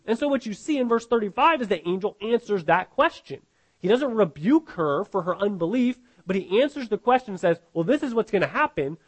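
A man's voice: sits high, lively intonation, fairly quick. A man preaching a sermon, teaching from scripture in a conversational way, asking the listeners rhetorical questions and often restarting his sentences. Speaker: pastor.

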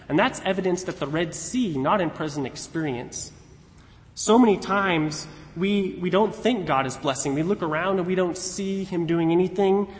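Earnest man teaching scripture in reverb. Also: fairly high pitch. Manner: earnest, paraphrases God's words in lively voice. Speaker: Bible teacher. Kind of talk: expository Bible teaching. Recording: long hall reverb.

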